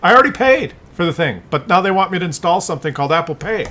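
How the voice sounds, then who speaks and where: A man's voice: high voice, very animated, fast talker, pushed and bright. An older man talking in a loose, rambling monologue, often restarting words and acting out little scenes. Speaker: vlogger.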